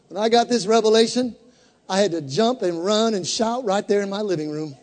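Pastor, male, very high voice, fervent call-and-response sermon, long hall reverb. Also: brisk, darkish tone.

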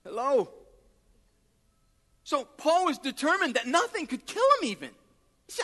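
A man preaching a sermon as pastor, impassioned and building to shouts, often repeating words as he pushes ahead. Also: very high-pitched, big pitch swings, measured pace, long pauses. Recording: long reverb of a large hall.

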